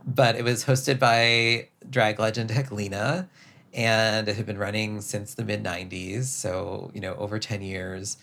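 A man's voice: on the low side, flat delivery, measured pace, gravelly, a bit bright. A man, a drag performer, talking as an interview guest in a chatty, reflective way with self-deprecating asides. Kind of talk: casual conversational interview.

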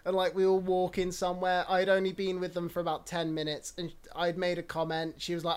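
A young British man with a notably high voice talks casually as a podcast host. He is blunt and unfiltered, drops curse words freely and tells his stories with lively energy. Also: fairly quick, hardly any pauses, clean tone. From United Kingdom. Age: 20s. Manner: unfiltered, swears freely, animated storytelling. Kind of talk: casual conversation.

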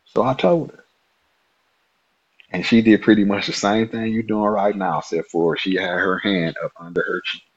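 A man telling a personal story as a podcast guest, animated and lively, acting out the dialogue. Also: fairly low pitch, moderate pace, slightly rough, highs cut off. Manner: animated, lively, exclaiming, quoting others in dialogue.

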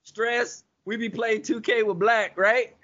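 A man's voice: sits high, fairly even intonation, takes it slowly, sharp tone, muffled recording. A man co-hosting a podcast, playful and teasing in a casual group chat. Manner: playful, teasing, laughs often. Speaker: podcast co-host.

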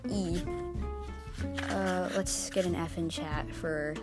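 A woman's voice: lowish voice, fairly even intonation, slow. A young woman casually rambling through a manga review with lots of fillers and giggles. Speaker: vlogger. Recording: guitar music playing behind voice.

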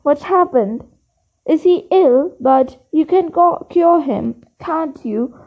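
A woman reading aloud voices an eager, excitable young schoolboy fan. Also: high voice, takes it slowly, phone-quality sound, full character voice.

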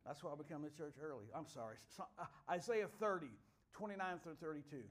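Middle-aged male pastor, high voice, chatty sermon storyteller. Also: fast. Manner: chatty and storytelling, rising to loud exuberant preaching.

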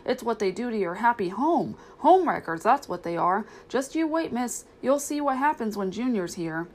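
A woman's voice: fairly high pitch, lively intonation, moderate pace. A woman doing a swaggering stray mutt. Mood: cynical, swaggering. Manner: swaggering, sardonic. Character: cocky stray male mongrel, streetwise and cynical.

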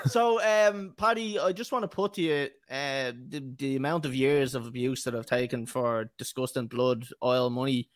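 A man's voice: mid-range voice, moderate pace, no echo, clean studio sound. A young man hosting a casual chat, teasing and laughing with plenty of fillers. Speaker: podcast host.

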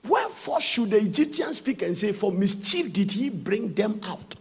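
A man preaching a sermon, reading Bible verses aloud and breaking into fervent, sing-song shouts. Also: sits high, animated, moderate pace, creaky, husky.

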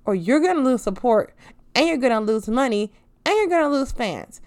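A woman's voice: sing-song, moderate pace, clear, resonant tone. Heated, profane woman ranting. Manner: heated, profane, swings loud and pitch-jumping. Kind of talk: impassioned rant.

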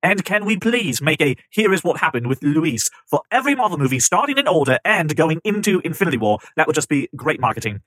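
A man reading a written film review aloud in a deliberately bad put-on British accent. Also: a little high, very animated, a bit bright, dry recording. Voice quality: self-mockingly bad accent.

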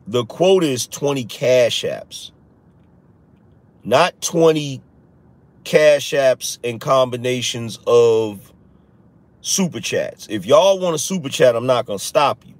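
Slow-talking male live-stream host. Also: mid-range voice, animated. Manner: talks to viewers, mocks critics in a raised voice. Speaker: podcast host.

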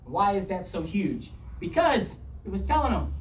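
A woman preaching a sermon, reading scripture and acting out the dialogue with a pitch that rises and drops. She stands back from the mic in a roomy, echoing space. A faint ambience hums behind her. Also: sing-song, moderate pace, far from the mic, a little hiss or hum. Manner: reads scripture aloud and acts out dialogue with a shifting pitch.

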